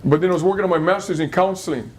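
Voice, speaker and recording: A middle-aged man tells a life story to a school audience. His voice sits high and light for a man. He keeps the kids involved with questions and repeated phrases. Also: very fast, darkish tone. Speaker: motivational speaker at a school.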